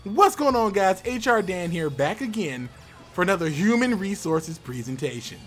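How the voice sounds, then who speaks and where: Man playing an upbeat corporate presenter, mock-formal, slightly high voice, soft music behind. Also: very animated, normal speed. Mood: mock-cheerful.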